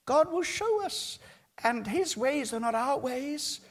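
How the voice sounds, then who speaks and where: A man preaching a sermon as pastor, lively and emphatic, acting out people's prayers. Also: high-pitched, moderate pace. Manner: animated preaching, acting out prayers in mock voices.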